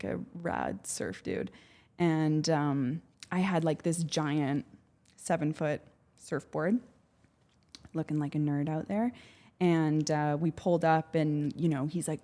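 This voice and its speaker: A woman's voice: low voice, dark tone. A young woman from Canada, a podcast guest, chattily telling a story with lots of fillers and acted-out voices. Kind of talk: casual storytelling.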